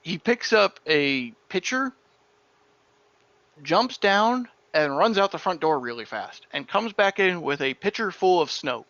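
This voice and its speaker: A man's voice: high-pitched, expressive, unhurried, a bit bright, no echo, lo-fi sound. A man acting as dungeon master, narrating a tabletop game in a loose, chatty storytelling manner.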